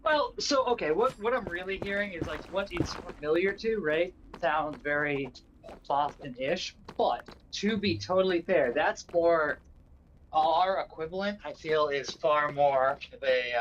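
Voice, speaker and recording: A man's voice: on the high side, fairly bright tone. A man from the northeastern United States, co-hosting a livestream in rambling casual chat full of fillers and restarts. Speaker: livestream co-host. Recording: dull lo-fi stream audio with faint noise.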